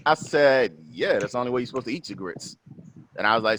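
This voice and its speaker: A man from Virginia telling a story in casual podcast chat, slangy and animated, acting out what others said. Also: mid-range voice, very fast, no echo. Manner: animated, slangy, acts out quotes. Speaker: podcast co-host. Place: podcast studio.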